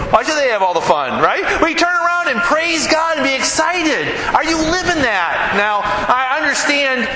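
A man's voice: high voice, sharp tone. A male pastor preaching a sermon with lots of energy, acting out the people he quotes. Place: church sanctuary. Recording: echoey hall with room noise.

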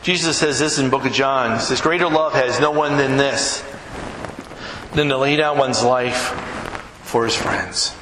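A man preaching a sermon as pastor in a church, emphatic, climbing to near-shouts on key phrases. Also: medium pitch, moderate pace. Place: church sanctuary. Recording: echoey hall with background noise.

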